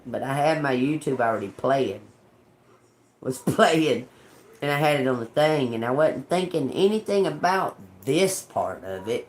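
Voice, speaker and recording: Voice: medium pitch, a little hiss or hum. A tarot reader, rambling in casual livestream chat, laughing often and swearing heavily.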